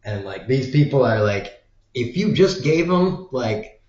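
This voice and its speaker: A man's voice: mid-range voice, very animated, unhurried, darkish tone. A man talking in a casual, rambling monologue as a vlogger, packing his talk with "like". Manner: rambling, heavy use of "like" filler. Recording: echoey room, dull lo-fi sound.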